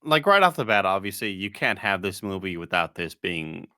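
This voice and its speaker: Man, podcast co-host, lowish voice, forceful tone, casual, filler likes. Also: normal speed, no room sound, studio quality. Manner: relaxed, conversational, filler likes. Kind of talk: casual chat.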